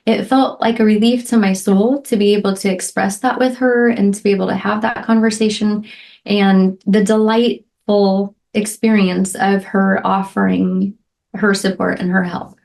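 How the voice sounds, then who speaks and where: A middle-aged woman hosting a solo podcast, speaking in a heartfelt, reflective way and often checking in with "right?" and soft "um" fillers. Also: medium pitch, flat delivery, moderate pace, gravelly. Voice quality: emotional, near tears at moments. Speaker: podcast host.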